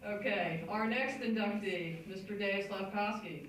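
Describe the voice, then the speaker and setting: A woman's voice: medium pitch, unhurried, very noisy. A woman emceeing a hall of fame ceremony, introducing inductees in a casual, joking way. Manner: casual and joking, loose asides. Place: banquet hall. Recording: echoey hall recorded from far off.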